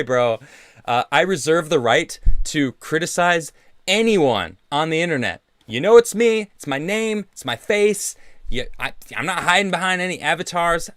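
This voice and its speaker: A man hosting his own livestream show, talking casually in a sarcastic, animated and defensive way, often laughing. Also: fairly high pitch, no room sound, studio quality. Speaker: show host. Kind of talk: casual solo livestream talk. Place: vacation home.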